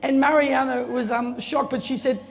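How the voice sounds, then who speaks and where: A woman's voice: high voice, fairly even intonation, moderate pace. A middle-aged woman telling a chatty, laughing story to an audience, acting out the voices of the people in it. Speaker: guest speaker telling a story at an opening. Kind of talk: casual anecdotal speech. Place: event space. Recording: long reverb, faint room noise.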